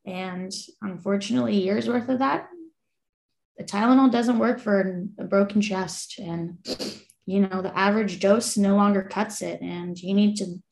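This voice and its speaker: In her twenties and appearing as a podcast guest, a woman earnestly tells a personal story in a casual way, laughing now and then between lines. Her mid-range voice is gravelly with a darkish tone, keeping fairly even intonation at a normal speed.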